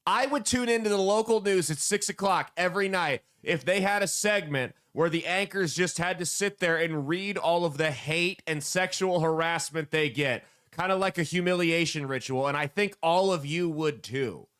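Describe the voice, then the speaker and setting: A joking man hosts a casual comedy podcast in a slightly high voice. He talks loosely and sometimes jumps into loud bursts while reading his ad spots. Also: normal speed, hardly any pauses, clear, resonant tone. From United States. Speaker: podcast host.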